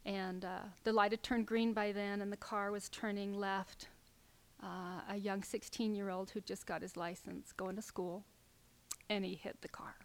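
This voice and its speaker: A middle-aged woman telling a personal story to an audience, halting and filler-heavy, sometimes dropping to a near whisper. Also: mid-range voice, little pitch movement.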